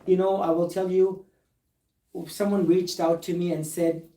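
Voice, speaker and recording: A man's voice: high-pitched, little pitch movement, moderate pace, mellow, reverberant, recorded from a distance, rough recording. A man who is a plastic surgeon, speaking earnestly and emphatically and reading documents aloud during a recorded live discussion.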